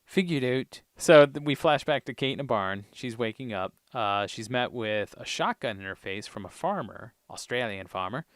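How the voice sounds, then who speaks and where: A man co-hosting a podcast, casually recapping TV episodes in a relaxed, rambling way with plenty of ums and uhs. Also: mid-range voice, normal speed, few pauses, dry recording. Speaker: podcast co-host.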